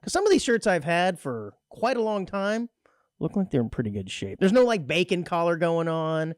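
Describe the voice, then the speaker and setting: A man co-hosting a community radio show, chatting casually with wry, teasing banter and a dry, deadpan streak. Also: high voice, normal speed, no room sound. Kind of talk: casual chat. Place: radio studio. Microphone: studio microphone.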